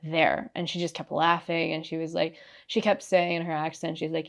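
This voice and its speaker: Gravelly low-voiced young woman, chatty. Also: level tone, normal speed, few pauses. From Ohio, raised in Southern California. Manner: chatty, laughs often, acts out quotes. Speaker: podcast guest. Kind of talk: casual interview chat.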